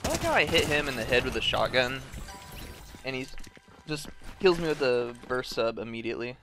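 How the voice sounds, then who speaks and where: A man's voice: medium pitch, sing-song, brisk. Man streaming with the hiccups. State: has the hiccups. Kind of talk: casual gaming chat. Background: game music.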